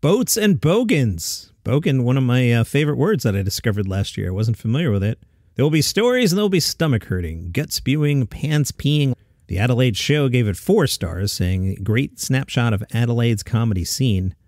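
A man hosting a daily comedy news podcast, reading listings and adding quick casual asides. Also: mid-range voice, animated, darkish tone, no room sound, clean studio sound. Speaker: podcast host.

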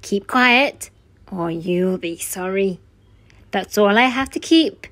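A woman voicing a sly, greedy old male thief who leads a gang, with a low leering drawl that turns to a hiss. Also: lively intonation, slow, fairly bright tone, no room sound. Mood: menacing. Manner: low leering drawl, hissing when menacing. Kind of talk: storybook reading.

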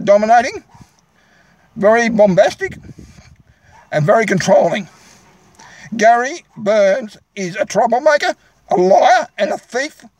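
Angry Australian man ranting, high voice. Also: no room sound. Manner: angry, combative, repetitive. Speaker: vlogger. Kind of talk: angry direct-to-camera rant.

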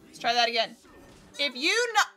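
A woman's voice: a little high, lively intonation, a little fast, sharp tone, faint music behind. A woman livestreaming a game in casual chat, scattered and swearing as she talks to herself and to the game.

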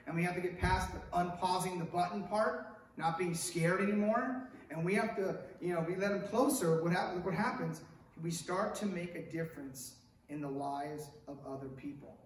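A man's voice: high-pitched, moderate pace, slight background noise. A middle-aged male pastor preaching a sermon, telling stories with acted quotes and asides. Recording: echoey room picked up from a distance.

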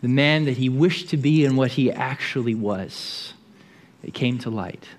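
A man's voice: mid-range voice, a little slow. A man preaching a sermon in a church, telling the story vividly and often repeating words as he goes.

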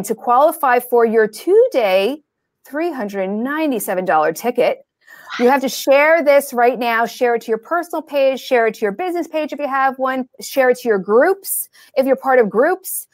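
A woman co-hosts a live online show, speaking in an effusive, eager way. Her voice sits a little high. The sound is dry and close. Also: no echo. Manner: effusive, enthusiastic. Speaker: co-host. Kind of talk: live video chat hosting.

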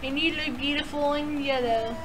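A performer voicing a sweet, soft-spoken young woman contestant in a Sims machinima. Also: fairly even intonation, a little hiss or hum, low-quality recording. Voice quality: high, soft and slow.

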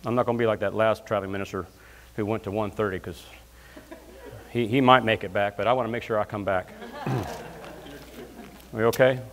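A man preaching as a guest minister, telling comic stories and breaking into loud shouts of praise. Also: lowish voice, steady tone, a little fast, pauses often. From Alabama, US South. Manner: storytelling with bursts of shouting praise. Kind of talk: lively comedic sermon. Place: church sanctuary. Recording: long church hall reverb.

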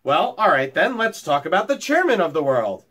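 A tiny, self-assured mouse schoolteacher, put on by a man reading aloud. He talks crisply and bossily, in a raised voice that bounces up and down. It is a storybook reading, matter-of-fact in tone. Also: a little high, very animated, moderate pace, pushed and bright, exaggerated voice. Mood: lecturing.

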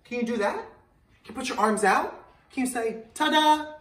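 A man's voice: very high voice, a little fast, fairly bright tone. A young man leading a children's activity class as a gym instructor, upbeat and coaxing the kids to repeat after him. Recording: roomy echo, voice from a distance. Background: music playing.

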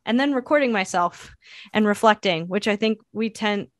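A woman's voice: medium pitch, animated, moderate pace, dry recording, clean studio sound. A woman saxophonist and educator, answering interview questions in a thoughtful, reflective way, with frequent fillers and restarts.

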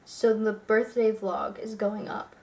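A woman's voice: mid-range voice, little pitch movement, slow, darkish tone. A young woman chatting casually to her viewers in a rambling vlog, full of fillers. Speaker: YouTuber.

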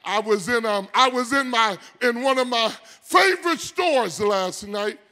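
Older male pastor, very high bright voice with gravel, preaches with sing-song shouts. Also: lively intonation, measured pace. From United States. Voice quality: distinctive high voice. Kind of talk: sermon. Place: church sanctuary.

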